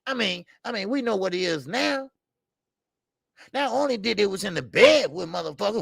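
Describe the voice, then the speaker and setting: A man's voice: sits high, lively intonation, normal speed, creaky, husky, no room sound, clean studio sound. An older man hosting a boxing show, talking bluntly and profanely in a rambling casual commentary with stammered fillers. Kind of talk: casual live-stream commentary.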